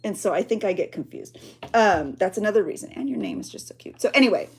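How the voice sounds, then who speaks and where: A woman's voice: medium pitch, animated, fast talker, gravelly, breathy edge. A middle-aged woman hosting a journaling livestream, chatting emotionally and rambling as she talks to her viewers. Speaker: journaling channel host.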